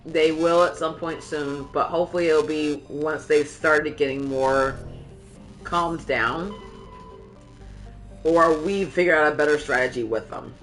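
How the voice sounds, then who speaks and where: A woman's voice: low voice, a little slow, soft background music, low-quality recording. A woman streamer talking in a rambling, chatty way while she plays, swearing casually now and then. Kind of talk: casual gameplay chat.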